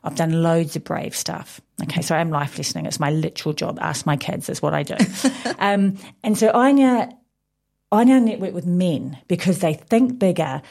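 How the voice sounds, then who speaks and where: A woman in her forties chatting on a radio show, talking loudly with bursts of laughter. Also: on the low side, normal speed, gravelly. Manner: loud, animated, bursts of laughter. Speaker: business owner guest. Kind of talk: casual radio chat.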